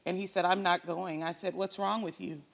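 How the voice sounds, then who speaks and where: A woman's voice: fairly low pitch, a little fast, vocal fry. A middle-aged woman, a talk show guest, telling her own story with feeling and acting out the people in it. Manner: animated storyteller who acts out her quarrels.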